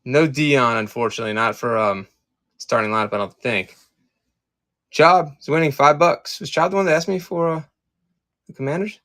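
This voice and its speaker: A man from Maryland runs a casual live-stream auction of collectibles, chatting with viewers as he sorts through his stock. His voice sits at an average pitch, and he talks in a loose, distracted way, often stopping to look for things. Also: normal speed, pauses often, fairly bright tone.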